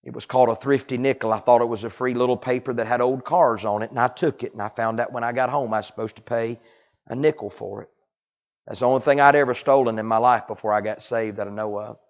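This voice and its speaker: Predicatore del Sud degli Stati Uniti, tono alla buona, tra sussurri e grida, voce media, registrazione spenta. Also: male voice, medium pitch, steady tone, fast, highs cut off. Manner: folksy, swings from hushed to loud cries. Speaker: pastor. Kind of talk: sermon.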